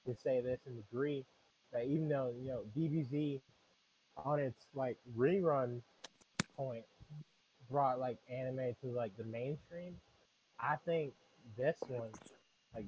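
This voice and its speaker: Enthusiastic male co-host, dull audio. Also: medium pitch. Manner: enthusiastic, hypes things with slang. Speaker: podcast co-host. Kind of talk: casual chat. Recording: dull audio with faint noise.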